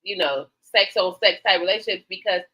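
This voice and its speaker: A woman's voice: medium pitch, a little fast, sharp tone, breathy edge. An older woman hosting a radio talk show, speaking frankly and animatedly, acting out quotes as she tells stories. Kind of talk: candid casual talk show conversation. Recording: slightly dull lo-fi sound.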